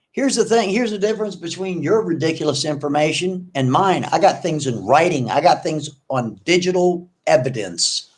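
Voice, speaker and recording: A man's voice: fairly high pitch, darkish tone. A man hosting an online video, ranting at an absent rival in an accusing, mocking way and repeating himself often. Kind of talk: confrontational livestream rant.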